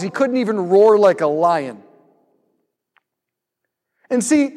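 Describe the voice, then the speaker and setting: A man preaching a sermon, telling a story in an animated way and stressing points through rhetorical repetition. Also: high-pitched. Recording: long hall reverb.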